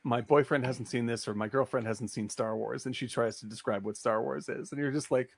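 A man's voice: medium pitch, steady tone, a little fast, creaky, breathy edge, no echo. A man in casual chat, hesitant and loose as he explains his point. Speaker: podcast co-host.

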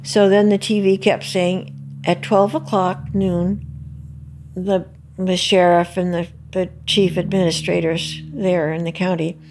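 Older lady, gravelly low-ish voice, halting and reflective, keeps restarting. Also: flat delivery, a little mellow, a little hiss or hum. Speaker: bereaved mother interviewee. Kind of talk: personal recollection.

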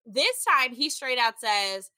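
A woman's voice: on the high side, slow, dry recording. A woman in her thirties chatting casually as a podcast co-host, telling stories animatedly, packed with "like" and acted-out quotes. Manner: animated storytelling, frequent "like", acts out quotes. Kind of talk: casual chat recapping a reality show.

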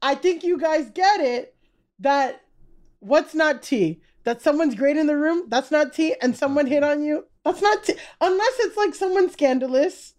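Brash high-voiced woman telling stories. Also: normal speed. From Miami. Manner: brash, animated storytelling with profanity. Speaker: guest comedian. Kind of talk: casual podcast chat.

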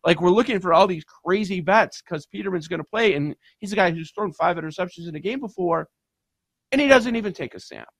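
A man's voice: high voice, lively intonation, brisk, a bit bright, no echo, clean studio sound. A man ranting indignantly about sports betting in casual talk-show chat.

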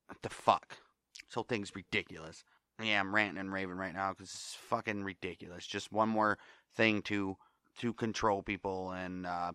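A man's voice: lowish voice, bright, forceful tone, smooth, no room sound, studio quality. A man with an American accent hosting a solo podcast, ranting angrily and swearing often. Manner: angry, profane ranting. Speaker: podcast host.

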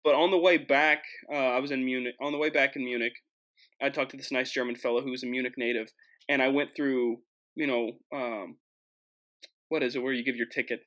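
A young American man hosting his own show, telling a travel story in an animated, jokey way with lots of restarts. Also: mid-range voice, a little fast. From United States. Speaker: host. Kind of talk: casual storytelling monologue.

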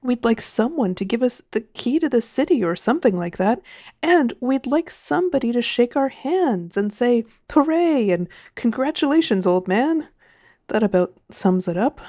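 A woman's voice: on the high side, animated, normal speed, dark tone, no room sound, studio quality, voice pushed up. A woman voicing a tired male rocket captain who pleads hesitantly for recognition. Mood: weary.

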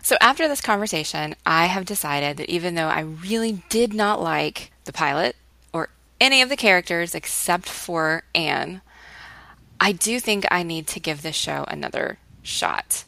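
Brief: female podcast host, wry and measured, gravelly bright tone, dry close sound. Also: fairly low pitch, expressive, no echo. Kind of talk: casual chat.

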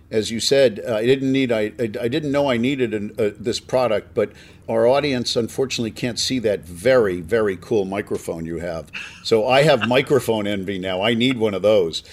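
A man's voice: fairly low pitch, normal speed. A man hosting a podcast, chatting effusively with his guest and often stumbling over restarts. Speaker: podcast host. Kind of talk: casual interview chat.

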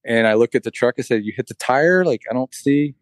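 A man's voice: mid-range voice, fairly quick, no room sound. Dry-sounding rambling storyteller man. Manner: rambling storyteller, heavy on fillers like "like" and "you know". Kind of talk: casual chat.

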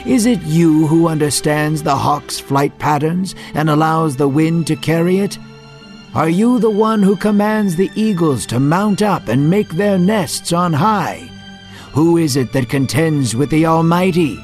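A man voicing God as a vast, stern male deity who asks thundering questions in a slow, forceful way. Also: on the high side, soft background music, voice pushed up, lightly acted. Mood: booming, stern.

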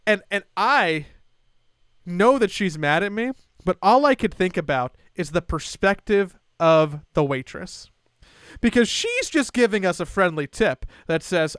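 Smooth-voiced young man telling stories. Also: high voice, a little slow, no echo, studio quality. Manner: animated, stammering restarts and laughing asides. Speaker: podcast co-host. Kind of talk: casual storytelling chat.

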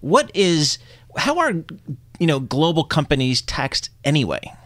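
A man's voice: a little high, very animated, unhurried, a bit bright, dry recording, studio quality. A man co-hosting an interview, asking casual, probing questions. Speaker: co-host.

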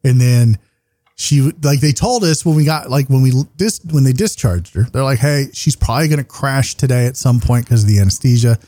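In this laid-back podcast chat, the host, a man in his thirties, sounds weary and a bit frayed as he meanders through jokes sprinkled with profanity. His medium-pitched voice has a mellow, dark quality and a brisk pace, picked up on a close, dry mic with no room sound.

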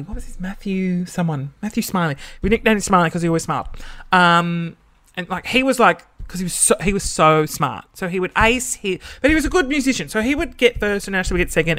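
A young Australian man telling a school story in a casual, animated way, swearing freely and gasping as he sorts through old school papers. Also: sits high. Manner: animated, gossipy, swears freely, breaks into gasps. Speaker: vlogger.

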